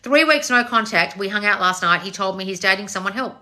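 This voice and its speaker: A woman with a bright, clear voice hosts a casual live stream and reads viewer comments. She answers them bluntly, firing back rhetorical questions and swearing now and then. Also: medium pitch, expressive, a little fast. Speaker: manifestation coach reading live chat.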